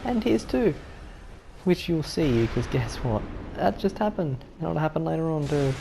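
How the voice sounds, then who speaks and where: A woman's voice: low-pitched, animated, moderate pace, gravelly, noisy background. A woman commenting on her own gameplay in a rambling, self-mocking way, repeating herself and putting on an accent. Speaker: gaming channel host.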